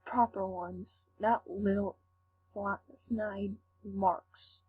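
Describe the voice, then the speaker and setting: A woman's voice: mid-range voice, fairly even intonation, extremely slow. A woman voicing a defiant captive protagonist asking firm questions in a fanfic reading. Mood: demanding. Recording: tinny lo-fi with faint hum.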